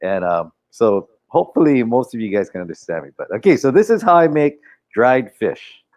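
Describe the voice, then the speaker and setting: A man's voice: medium pitch, big pitch swings, moderate pace, darkish tone. A man co-hosting a casual live stream, joking and teasing, laughing often. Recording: roomy echo with faint music.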